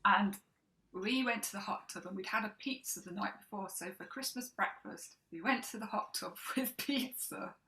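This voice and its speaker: Woman, co-host; bright, giggly storyteller who trails off and restarts. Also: medium pitch, moderate pace, low-quality recording. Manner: laughs often, trails off and restarts. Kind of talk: casual chat.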